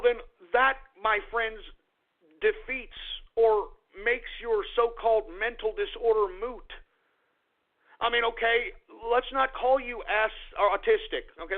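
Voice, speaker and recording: A man hosting a radio show, ranting in a combative, repetitive way. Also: very high-pitched. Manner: combative, repetitive, talks fast and heated. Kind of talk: call-in radio rant. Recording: tinny phone-like radio audio.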